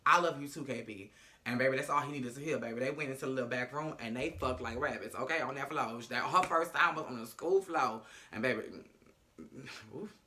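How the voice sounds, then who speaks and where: A man's voice: mid-range voice, a little fast, sharp tone. A man recapping a TV episode in a casual, sassy, profane and dramatic way. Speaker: show recapper.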